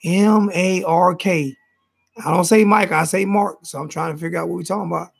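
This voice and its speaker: A man's voice: high voice, steady tone, brisk, vocal fry, husky, faint music behind. A man hosting a casual fan call-in show in a Southern US accent, loose and repetitive, often restarting his sentences.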